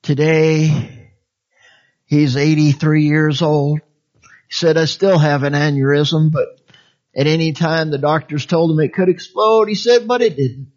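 A man preaches in a relaxed, folksy way, chuckling often as he talks. His voice sits fairly high and swings between bright, raised phrases and near-whispered asides. The recording sounds dull and lo-fi. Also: unhurried. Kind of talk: sermon.

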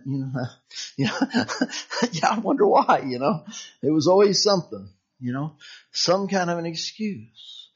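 Male preacher, folksy conversational sermon, high voice, muffled lo-fi audio. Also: sing-song, moderate pace, breathy edge. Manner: chatty and conversational, frequent "you know" and chuckles, acts out quoted dialogue. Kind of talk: informal sermon. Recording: dull lo-fi sound.

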